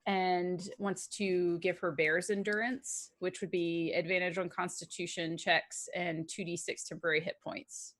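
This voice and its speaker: A woman playing a tabletop game, chatty and hesitant, with many pauses. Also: on the low side, flat delivery, a bit bright. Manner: chatty, hesitant, many ums, laughs easily. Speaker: player. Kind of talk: casual tabletop game chat.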